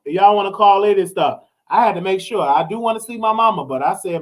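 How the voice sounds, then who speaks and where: Brief: high-pitched male host from Chicago, rowdy live-stream storyteller, shouts and rambles. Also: fast. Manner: animated, loud, often shouting and laughing; rambling with frequent restarts and asides. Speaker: host of a live call-in show.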